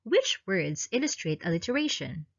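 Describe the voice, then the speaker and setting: A woman with a Filipino accent reads exam review questions and explains each answer choice. Her voice sits low and a little husky, and her pitch rises and falls a lot as she teaches. The recording sounds dull and lo-fi. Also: very animated, moderate pace. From Philippines.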